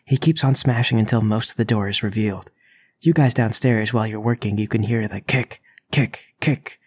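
Husky-voiced man narrating a tabletop game. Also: lowish voice, normal speed, darkish tone, no echo. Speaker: game master.

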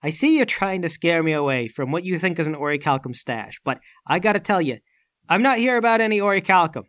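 A man playing a tabletop game, speaking in character with a smooth, threatening manner. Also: on the high side, lively intonation, brisk, fairly bright tone, no room sound, studio quality. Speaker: player.

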